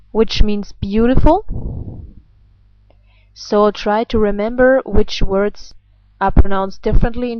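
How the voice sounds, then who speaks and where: Female teacher, German accent, very slow and patient, quizzing the listener. Dry, dull-sounding recording. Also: mid-range voice, dry recording. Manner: patient, questioning, drawn-out words. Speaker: language teacher. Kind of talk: slow explanatory lesson.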